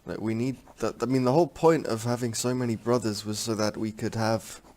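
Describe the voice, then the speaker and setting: A man's voice: medium pitch, steady tone, brisk, a little mellow, a little hiss or hum. A man giving casual gameplay commentary on a strategy game, thinking aloud in a rambling, frank way. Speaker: strategy game let's-player.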